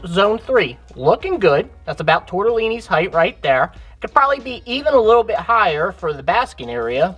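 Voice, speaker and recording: Low-voiced woman giving a chatty demo. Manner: chatty, thinks aloud, corrects herself. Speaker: reptile keeper and channel host. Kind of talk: casual hands-on demonstration.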